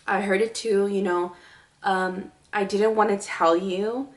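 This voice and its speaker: Woman quoting a soft-spoken, calm woman boss. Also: mid-range voice, a little slow, far from the mic, natural voice. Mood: reassuring.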